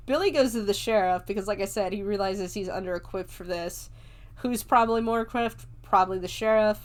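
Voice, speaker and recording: Woman, podcast host, casual movie review, chatty, laughs a lot, swears casually, mid-range pitch. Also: a little fast.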